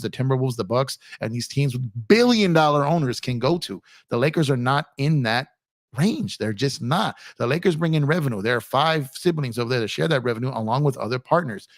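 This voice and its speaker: Young male streamer, relaxed chatty delivery, repeats himself for emphasis, dry mic. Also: medium pitch, dry recording. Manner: conversational, repeats phrases for emphasis, addresses chat as man and y'all. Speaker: livestream host. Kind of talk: casual live-stream chat reading viewer comments.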